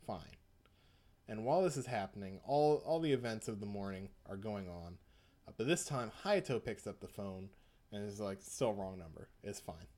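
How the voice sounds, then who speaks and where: A man's voice: fairly low pitch, animated, normal speed, darkish tone. A man retelling an episode in casual chat, rambling, swearing and laughing often.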